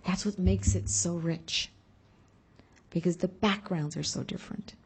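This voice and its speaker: Husky-voiced woman giving a talk, tells stories and does everyone's voices. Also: fairly low pitch, measured pace. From Mexico heritage. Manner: animated storyteller, acts out quoted voices. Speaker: speaker on community advocacy. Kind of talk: public talk with storytelling.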